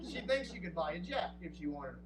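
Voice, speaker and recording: A man in his thirties telling a funny true story on stage, lively and quick to slip into acted voices. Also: a little high, over a noisy crowd. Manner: animated, jumps into acted voices. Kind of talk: live comic storytelling. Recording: roomy distant live recording with hum.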